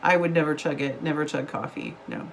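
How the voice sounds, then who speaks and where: A woman's voice: low-pitched, brisk, creaky, a little hiss or hum, rough recording. A woman, a book vlogger chatting casually to camera over coffee, rambling and giggling, still getting over an illness. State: recovering from illness.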